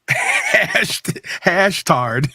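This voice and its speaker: A man's voice: on the high side, very slow, gravelly, slightly rough, no room sound, studio quality. A man hosting a livestream, telling a story in casual chat, laughing and swearing as he goes. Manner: laughing, profane, animated storytelling. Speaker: livestream host.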